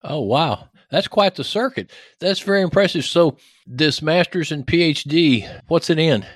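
A man's voice: a little high, normal speed, no room sound, clean studio sound. A man with an East Texas accent hosting a podcast interview in a folksy, upbeat, chatty way. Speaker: podcast host.

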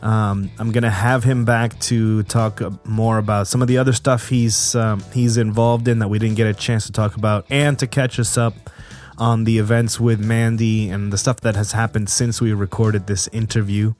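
A man's voice: fairly low pitch, normal speed, faint music behind. A man hosting a podcast, talking easily and encouraging his guest. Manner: relaxed, encouraging listener. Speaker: podcast host. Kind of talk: casual interview.

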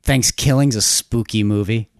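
A man's voice: lowish voice, moderate pace, smooth. A man co-hosting a podcast in casual chat, rambling and enthusiastic, laughing often. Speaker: podcast co-host.

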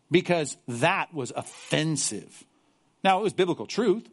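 A male pastor preaching a sermon, animated and sarcastic, mocking apologetic voices as he makes his point. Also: a little high, a little slow.

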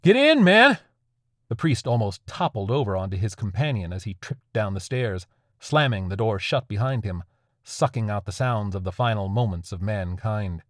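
A man narrating a dark horror story in a measured, grim way. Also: fairly low pitch, dry recording, studio quality.

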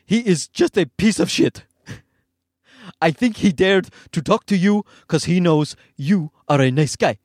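A man's voice: high-pitched, animated, measured pace, darkish tone, no room sound, clean studio sound. Brief: man impersonating hulking, angry Egyptian-accented guy, menacing and blunt, bouncy delivery. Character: angry burly Egyptian man texting threats.

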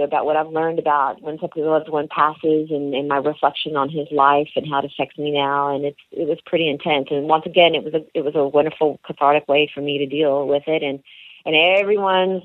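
A woman's voice: sits low, dry recording. A woman being interviewed about her writing and career, talking candidly and rambling with many restarts and fillers. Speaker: actress and author being interviewed. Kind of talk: candid radio interview answers. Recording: phone-like narrow band, dry.

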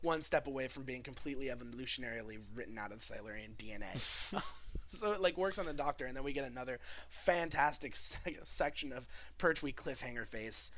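A man's voice: mid-range voice, a little fast, fairly bright tone. A man co-hosting a podcast, recapping an episode in a rambling casual chat full of fillers and laughs. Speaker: podcast co-host.

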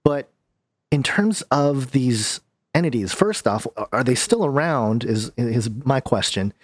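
A man's voice: medium pitch, lively intonation, slow, no room sound. A man hosting an interview, asking questions with hesitations and restarts.

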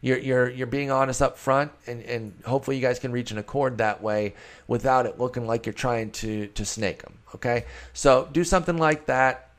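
A man's voice: mid-range voice, fairly even intonation, normal speed. A man hosting a solo fantasy baseball show, talking casually and rambling in a self-deprecating way. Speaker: fantasy baseball podcast host.

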